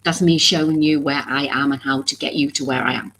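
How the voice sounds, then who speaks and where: A woman's voice: deep voice, fairly even intonation, fairly quick, a bit bright, slight background noise, poor audio. A woman hosting a live stream about oracle cards. She talks to viewers in a rambling, earnest way, openly emotional and full of restarts. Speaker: oracle card reader and live stream host.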